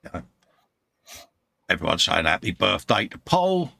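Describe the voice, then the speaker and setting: A man's voice: deep voice, big pitch swings, measured pace, gravelly, bright, forceful tone. A man from the UK co-hosting a live stream, reading out chat messages in a chummy way and calling everyone mate. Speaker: co-host of a live model-building stream.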